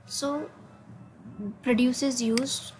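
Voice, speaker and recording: A woman with an Indian English accent walks through assignment answers, hesitant and filling pauses with "uh". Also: sits high, fairly even intonation, faint music behind, poor audio. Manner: hesitant, many uh fillers, non-native grammar. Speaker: student explaining assignment answers. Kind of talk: screen-recorded answer walkthrough.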